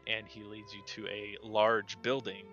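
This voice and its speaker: A man narrating a tabletop game as game master in a relaxed, rambling way with fillers. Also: fairly low pitch, a little slow, highs cut off, soft background music.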